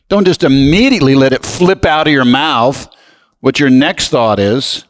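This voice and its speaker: A man preaching a sermon as pastor, slow and emphatic, asking the congregation to repeat phrases with him. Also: mid-range voice, in a large hall.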